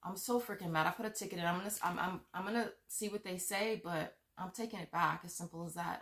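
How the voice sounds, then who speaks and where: A woman's voice: lowish voice, fast, few pauses, fairly bright tone, slight background noise. A woman vlogger furiously ranting to her viewers, swearing, stammering and repeating herself. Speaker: vlogger on money-saving apps. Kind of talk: angry rant to viewers.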